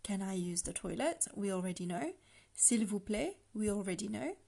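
A woman teaching a language lesson on a podcast, patient and slow, breaking phrases down for the listener to repeat. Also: mid-range voice, sing-song, gravelly, dark tone.

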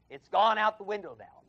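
A man's voice: sits high, breathy edge. A man giving an emphatic Bible lecture to an evening class, repeating and stressing key phrases and chuckling at his own stories. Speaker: Bible teacher. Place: evening adult education class at a college. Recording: dull, lo-fi 1970s tape of a dry classroom.

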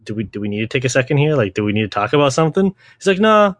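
A young man chats casually as a podcast host, rambling from point to point with lots of slang, swearing and "like". His voice is mid-pitched and sounds dry, close to the mic. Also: rapid-fire, dry recording.

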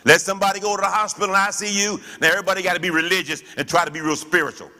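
A man's voice: sits high, steady tone, racing, sharp tone, big-room sound. A man teaching as a pastor in church, preaching with rhetorical questions and call-and-response.

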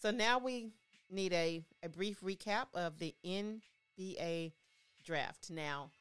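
Smooth-voiced woman in breezy podcast chat. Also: lowish voice, fairly bright tone, faint music behind. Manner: playful, halting, breezy. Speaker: podcast co-host. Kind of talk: casual sports podcast chat.

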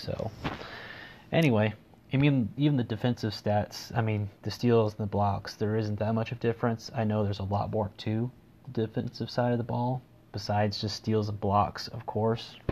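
A man's voice: lowish voice, a little mellow, lo-fi sound, slight background noise. A man hosting a solo sports podcast, talking casually and rambling, with dry sarcasm. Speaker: podcast host.

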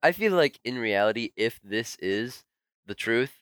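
A man's voice: mid-range voice, expressive, unhurried, a bit bright, clean tone, dry recording. A man co-hosting a casual podcast, laughing a lot and riffing on jokes. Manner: laughs often, riffs on jokes in quoted voices. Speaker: podcast co-host. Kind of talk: casual chat.

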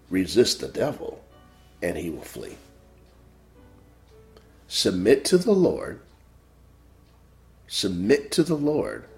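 Emphatic preacher man, lively pitch. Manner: emphatic, repeats phrases, swings between loud stresses and quiet drops. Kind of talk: sermon.

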